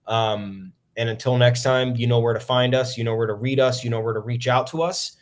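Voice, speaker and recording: A man's voice: mid-range voice, a little fast. Blunt, cursing man hosting a podcast. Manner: blunt, profane, frequent "um" fillers. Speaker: podcast host. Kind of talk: solo sports podcast rant.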